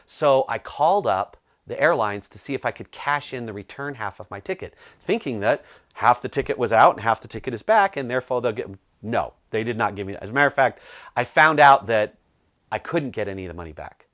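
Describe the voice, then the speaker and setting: A middle-aged man from the United States, a business coach telling a personal story to camera and acting out the dialogue in lively bursts. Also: fairly quick. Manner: animated, acts out dialogue with rising pitch.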